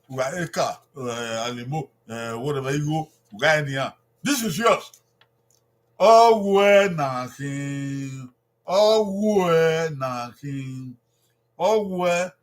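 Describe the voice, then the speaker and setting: A man giving an informal language lesson, repeating phrases slowly for his listeners to follow. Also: medium pitch, fairly bright tone. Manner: repeats phrases slowly, drawn-out call-and-response. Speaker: Edo language teacher.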